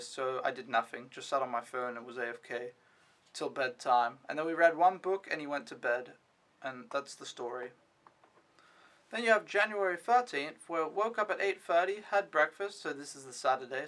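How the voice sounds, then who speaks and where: A young man with a somewhat high, sharp-toned voice gives a casual vlog recap of his week as an au pair. He rambles, says "like" constantly and swears often.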